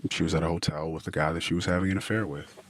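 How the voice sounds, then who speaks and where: Low, husky-voiced man telling his story. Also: steady tone, dry recording. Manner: halting, emotional, drifting into quiet asides. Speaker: podcast host. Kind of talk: personal storytelling.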